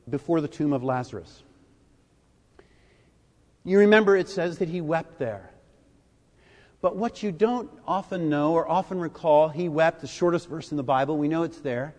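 An older man with a high-pitched voice delivers a sermon, slow and emphatic, his loudness rising and falling for stress. His voice carries with a long echo through a hall. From United States. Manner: deliberate and emphatic, with big swings in loudness. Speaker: preacher. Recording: echoey hall.

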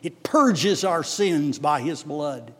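A man with a Texan accent preaching a sermon as pastor, swelling emphatically on key words and dropping into quick asides. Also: a little high, lively intonation. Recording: long hall reverb.

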